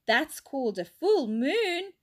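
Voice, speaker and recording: A woman voicing a cheerful young schoolboy who loves space, in a bright, eager storybook voice. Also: high voice, very animated, takes it slowly, full character voice.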